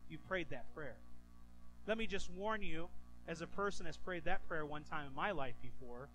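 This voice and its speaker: A man preaching a sermon as pastor, animated and acting out the people in his stories. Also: a little high, moderate pace, soft background music, low-quality recording. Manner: animated, acts out quoted voices.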